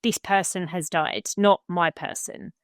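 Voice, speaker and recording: A woman's voice: lowish voice, fairly even intonation, unhurried, dry recording, studio quality. A woman speaking as a podcast guest in a frank, blunt, matter-of-fact way. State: widowed, remarried. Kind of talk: frank conversational podcast talk.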